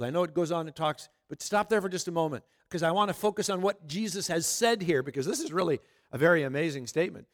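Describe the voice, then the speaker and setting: A man's voice: on the high side, quick pace, long reverb tail. A man preaching a conversational sermon, often turning to ask the congregation questions. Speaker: pastor.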